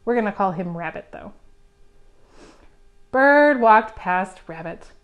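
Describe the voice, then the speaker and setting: A woman reading a picture book aloud at a preschool storytime, gently coaxing the children with questions. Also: mid-range voice, animated, slow pace, phone-quality sound. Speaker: children's librarian.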